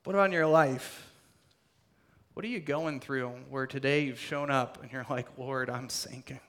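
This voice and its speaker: Guy preaching, kinda high voice, gets loud then drops to near whispers. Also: moderate pace, clear, resonant tone. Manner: dramatic, swings between loud emphasis and hushed near-whispers. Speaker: pastor. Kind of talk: sermon.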